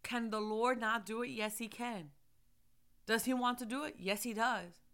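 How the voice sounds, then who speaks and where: A woman preaching a sermon, swinging from soft, intimate speech to loud, shouted praise, with emphatic repetition. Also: a little high, fairly even intonation, moderate pace, smooth.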